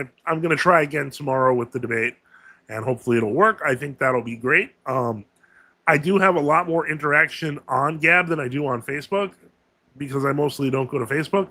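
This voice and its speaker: A man hosts a live question-and-answer stream, chatting casually and wandering through his thoughts with plenty of ums and restarts. His voice sits a little high and has a bright, forceful edge. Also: no room sound. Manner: rambling, with many fillers and self-corrections.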